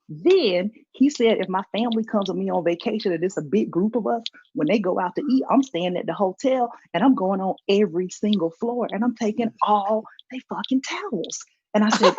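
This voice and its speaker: Stand-up woman, husky, animated storyteller, muffled lo-fi sound. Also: lowish voice, a little fast, dry recording. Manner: animated, acts out characters in her stories. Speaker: stand-up comic. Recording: dull lo-fi stream audio.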